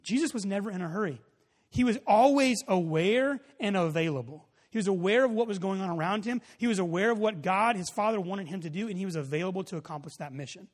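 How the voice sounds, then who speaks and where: A man's voice: sits high, animated, quick pace. Casual preaching man in a reverberant hall. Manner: casual storytelling with many fillers, rising to loud emphasis. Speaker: pastor. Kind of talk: sermon.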